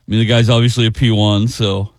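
A man's voice: fairly low pitch, level tone, fast, darkish tone, no room sound. A man in his forties, a radio co-host, telling a funny story in casual banter and mimicking other voices.

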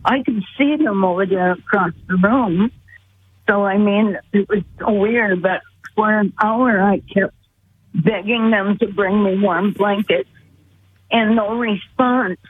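A woman's voice: mid-range voice, unhurried. A woman caller earnestly and vividly recounting a personal story. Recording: tinny phone line with faint hiss.

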